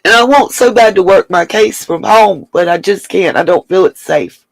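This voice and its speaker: Hosting a live stream, a woman reads chat and gives commentary, blunt and emphatic, with plenty of swearing and thanks for viewers. She has a creaky mid-range voice at a moderate pace, recorded in low quality with no room sound.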